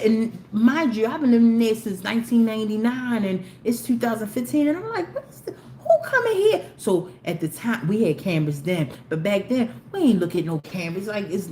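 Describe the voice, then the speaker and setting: A woman hosting a live video stream chats her way through a long, rambling story, with many false starts. Her voice is mid-range with a darkish tone. The space sounds roomy, and there's faint noise behind her.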